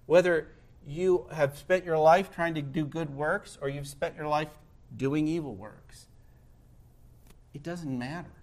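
A male pastor preaching a sermon in earnest, swinging from loud pleading to hushed tones in a church. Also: on the high side, creaky. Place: church sanctuary.

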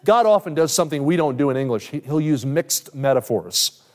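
A man's voice: a little high, lively intonation, brisk, big-room sound. A man preaching a sermon, teaching in a conversational way and putting questions to his listeners.

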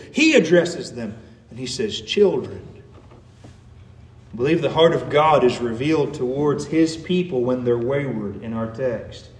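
A man preaching a sermon, earnest, growing emphatic and then softening on tender words. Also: a little high, echoey room. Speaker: pastor.

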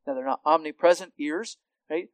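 A male Bible teacher, hard of hearing, gives expository teaching through scripture at a moderate pace and a slightly raised pitch. His delivery is conversational and loose, full of restarted phrases and tag questions like "right?" The recording is dry and close, with no room echo.

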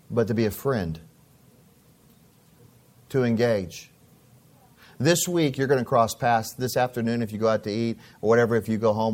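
A man's voice: medium pitch, darkish tone. A middle-aged man preaching a sermon as a pastor, telling stories in a conversational way and often repeating his phrases.

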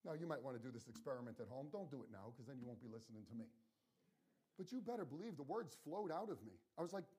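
A man's voice: medium pitch, animated, quick pace, warm tone, slightly rough. A man preaching a sermon to his congregation, earnest and personal, talking to them directly in a conversational way.

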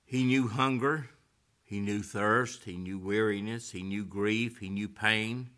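Man preaching, low-pitched yet sharp and forceful, loud one moment and hushed the next. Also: steady tone, slow. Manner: swings from loud rising exhortation to hushed near-whisper. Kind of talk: sermon.

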